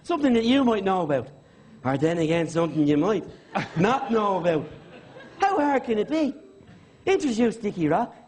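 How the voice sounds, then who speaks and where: A man's voice: high voice, sing-song, moderate pace, darkish tone, a little hiss or hum, pitched above the performer's own voice. A man voicing a cocky male pop singer who talks as if slightly tipsy, laughing through his boasts. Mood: boastful. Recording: TV studio with audience.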